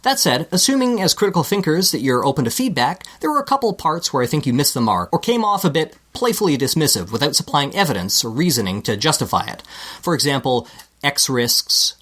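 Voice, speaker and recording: A man's voice: medium pitch, a bit bright. A man with a Canadian accent, a podcast co-host reading a scripted segment with dry, self-deprecating asides.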